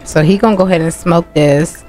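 A woman with a low-pitched voice chats casually as she plays through a life-sim game, cursing freely and talking straight to her viewers. Faint game music runs underneath her commentary. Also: fairly quick, warm tone. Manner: chatty, profane, talks to viewers as "y'all". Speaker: gaming channel host.

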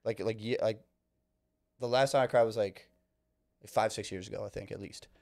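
Profane, excitable young man telling stories. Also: lowish voice, brisk, vocal fry. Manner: profane, excitable, trails off and restarts. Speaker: podcast guest. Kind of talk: casual comedic storytelling.

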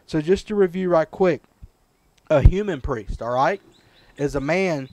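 Preacher guy teaching sunday school kids, bit high voice, keeps asking right? okay?. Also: unhurried, noisy background. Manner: patient, checks in often with "right?" and "okay?". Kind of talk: Bible lesson for children.

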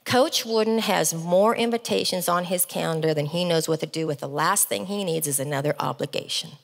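A courteous, humble Southern gentleman with a gentle Southern US drawl, as a woman puts him on, with his voice pitched up and kept soft. The recording carries the long echo of a large hall. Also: fairly quick, gravelly. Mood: polite. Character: humble soft-spoken Southern gentleman, middle-aged husband.

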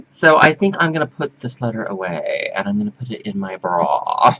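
A man rambling theatrically to his webcam at home, whooping, giggling and flipping between shrill squeals and low mutters. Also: very animated, normal speed, fairly bright tone, low-quality recording. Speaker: performance artist vlogger. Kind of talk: rambling camp monologue to webcam.

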